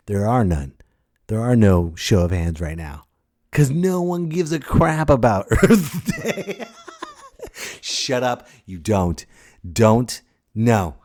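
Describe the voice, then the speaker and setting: A man's voice: on the low side, darkish tone. A man hosting a podcast, delivering a joking, rambling comic monologue. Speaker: podcast host.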